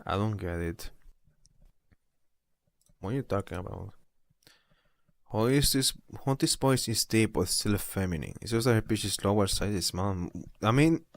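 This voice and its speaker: Young male streamer, lowish voice, dry close sound, laughs a lot, rambling. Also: dry recording. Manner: chatty, incredulous, laughs often. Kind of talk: casual rambling chat while reading posts aloud.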